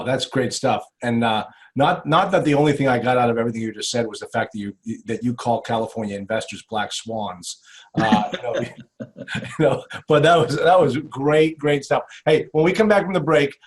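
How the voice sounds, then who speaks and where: A man's voice: mid-range voice, steady tone, normal speed. A man hosting a real estate investing podcast, chatting casually and reacting with enthusiasm. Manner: enthusiastic, reacts with "wow" and laughs. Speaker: podcast host. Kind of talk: casual interview chat.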